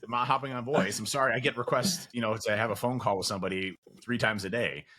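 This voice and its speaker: A man talks quickly in a loose, rambling way, full of fillers and restarts. His voice is bright and forward, and he drops into little acted bits of dialogue as he goes. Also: lowish voice, steady tone, a little hiss or hum. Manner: acts out quoted dialogue. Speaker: podcast guest. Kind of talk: casual conversation.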